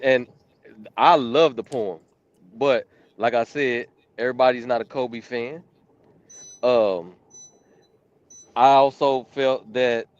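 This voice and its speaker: A man's voice: mid-range voice, muffled recording. A man judging poetry, explaining his scores in a casual, hesitant way while he searches for words. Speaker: judge. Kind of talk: casual chat.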